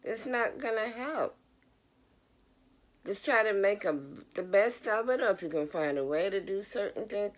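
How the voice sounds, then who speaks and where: A woman's voice: medium pitch, moderate pace. A middle-aged woman vlogger giving a casual, earnest motivational talk straight to her viewers. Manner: earnest, preachy, addresses the audience directly.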